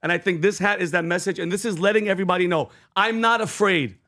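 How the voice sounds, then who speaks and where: A man co-hosting a podcast, talking casually and slipping into animated, preachy storytelling. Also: sits high, quick pace. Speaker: podcast co-host.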